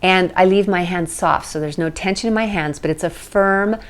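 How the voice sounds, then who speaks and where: A woman teaching an emotional tapping session, explaining at length in a chatty way with light asides, then guiding slow repeat-after-me statements. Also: fairly low pitch. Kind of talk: guided tapping lesson. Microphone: phone or camera mic.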